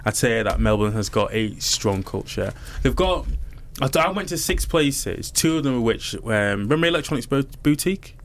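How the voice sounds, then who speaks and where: A man casually telling his co-hosts about a trip, lively and animated as he recounts the people he met. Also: medium pitch, moderate pace. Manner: animated storyteller, acts out the people he quotes. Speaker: podcast co-host. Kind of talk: casual chat.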